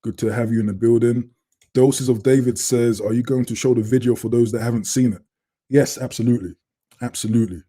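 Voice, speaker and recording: A British man hosts a casual livestream, chatting and reading out viewers' comments through a computer webcam mic. His voice is mid-range and dark in tone, with fairly even intonation and a fairly quick pace.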